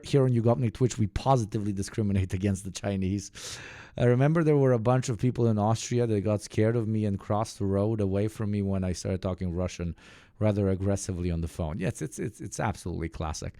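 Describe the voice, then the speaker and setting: A low-voiced man chats on a live stream in a casual, joking and profane way. His voice is dry and close on a desk microphone. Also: fairly quick, dark tone, dry recording. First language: Serbo-Croatian. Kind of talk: live stream reaction chat.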